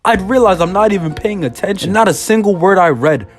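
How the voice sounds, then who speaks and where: A young adult man narrating a funny childhood story in a casual, slangy, animated storytime style. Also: brisk. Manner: casual, animated, slangy delivery with big pitch swings. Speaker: storyteller, channel host.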